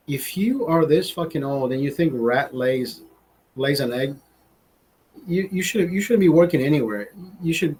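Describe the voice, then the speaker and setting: A man's voice: on the high side, a little mellow, slightly rough, rough recording. A man hosting a show who rants heatedly, swears constantly, and keeps restarting his sentences. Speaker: host. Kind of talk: casual profane rant.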